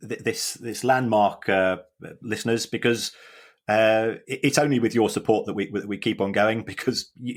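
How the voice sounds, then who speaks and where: A low-pitched man co-hosting a casual football podcast. He speaks earnestly and with emphasis, often restarting his sentences. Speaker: podcast co-host.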